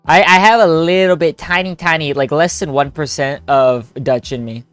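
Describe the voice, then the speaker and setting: A man's voice: fairly high pitch, fairly even intonation, moderate pace, fairly bright tone, clean tone, no room sound. A young man streaming a story game with friends, joking, laughing and rambling in casual chat. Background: faint game music.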